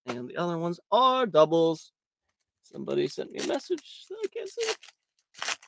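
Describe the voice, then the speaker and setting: A raspy-voiced man hosting a live card break, calling out cards in a crude, joking way and laughing often. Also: high-pitched, wildly swooping pitch, moderate pace, noisy background. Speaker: host of a live trading card box break. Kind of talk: casual live-stream commentary.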